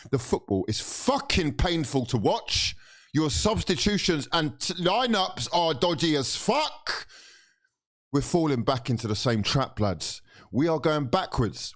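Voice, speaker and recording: Swearing and exasperated, a young man reacts to his football team's loss in an angry fan rant. His medium-pitched voice veers back and forth between shouting and muttering.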